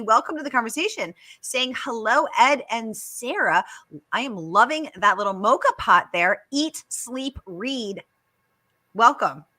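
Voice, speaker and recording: A woman's voice: a little high, sharp tone. A woman hosting a casual live-stream Q&A, bubbly and chatty as she reads out viewer comments. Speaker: host.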